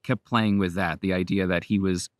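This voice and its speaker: A man in his thirties, a voice actor, chatting casually in an interview, relaxed and rambling, laughing often. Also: low voice, moderate pace, no echo. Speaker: voice actor guest.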